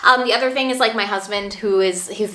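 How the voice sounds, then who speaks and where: A woman's voice: medium pitch, steady tone, quick pace, sharp tone. A young woman talking casually and earnestly to camera about manifesting, with lots of "like" fillers. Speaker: manifestation vlogger. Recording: echoey room.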